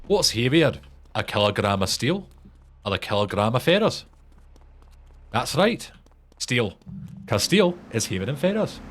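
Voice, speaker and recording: A man putting on a stereotypical Scottish accent, voicing a brash, sweary Scotsman who gets loud and exasperated. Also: mid-range voice, big pitch swings, unhurried, pauses often. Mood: mock-indignant. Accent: put-on Scottish.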